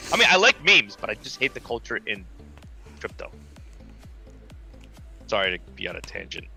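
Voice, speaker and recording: A man's voice: sing-song, a little slow, gravelly, pauses often, sharp tone, faint music behind. A man in casual chat who swears freely and rants, his voice climbing when he gets worked up. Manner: ranting, swears, pitch jumps up when worked up.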